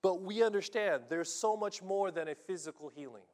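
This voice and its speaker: A male pastor preaching a sermon in an animated, emphatic way, often checking in with his listeners. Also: high voice, normal speed. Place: church in Japan.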